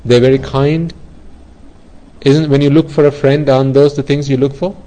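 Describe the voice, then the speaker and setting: Mellow-voiced man giving a dharma talk. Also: mid-range voice, flat delivery, normal speed, low-quality recording. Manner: earnest, repetitive, explaining with everyday examples. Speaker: Buddhist teacher.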